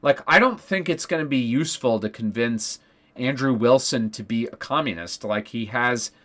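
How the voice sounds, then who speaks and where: A man's voice: medium pitch, normal speed, a bit bright. A young adult man in a casual livestream rant, rambling, restarting his sentences and swearing as he talks politics with his chat. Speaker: political streamer.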